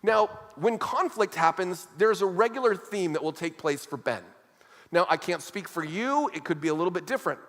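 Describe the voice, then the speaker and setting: A male pastor with a high voice preaches in a church auditorium, and a long reverb trails behind his words. His delivery is conversational, mixing scripture with casual asides and questions to the congregation. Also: animated, normal speed, a bit bright. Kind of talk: sermon.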